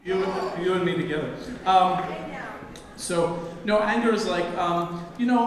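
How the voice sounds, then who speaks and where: A man doing a live stand-up routine on stage, talking in halting, stammering restarts and wry self-mocking jokes to a tipsy crowd. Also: fairly high pitch, lively intonation. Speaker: stage comedian. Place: large echoing event hall on a stage. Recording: echoey hall recorded from far off with a crowd. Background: audience murmur and laughter.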